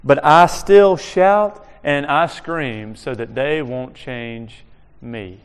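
A man voicing a defiant old man who preaches in the streets, speaking slowly and low, recorded in an echoey chapel. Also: clear, resonant tone, natural voice.

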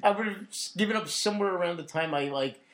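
A man co-hosting a podcast, chatting casually in an animated, joking way and laughing easily. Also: high voice, fast. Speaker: podcast co-host. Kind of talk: casual chat.

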